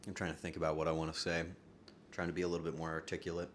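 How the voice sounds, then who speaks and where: A man streaming live from his home setup, rambling casually with sudden loud outbursts and soft asides. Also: very deep voice, level tone, racing, slight background noise.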